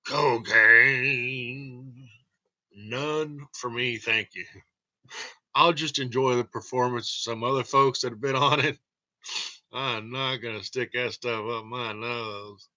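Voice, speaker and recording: A man's voice: medium pitch, pushed and bright, no echo, muffled recording. A man telling a rambling, jokey monologue to camera and laughing often. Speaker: vlogger.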